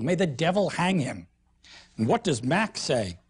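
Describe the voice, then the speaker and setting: A woman lecturing on literature in an animated, expressive way, with emphatic stresses. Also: low-pitched, measured pace, slightly rough. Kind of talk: recorded lecture.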